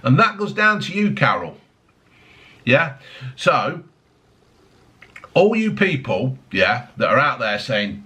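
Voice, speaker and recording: Swearing man ranting with lively pitch. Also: slow pace, long pauses. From United Kingdom. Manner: swearing heavily, mocking, repetitive tag questions. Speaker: vlogger. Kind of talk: angry political rant.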